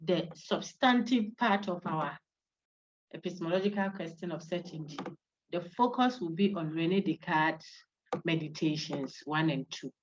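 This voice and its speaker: A woman's voice: on the low side, normal speed, slight background noise. A woman giving an online university philosophy lecture, coaching students to repeat names after her. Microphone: video call. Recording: dull lo-fi online call audio.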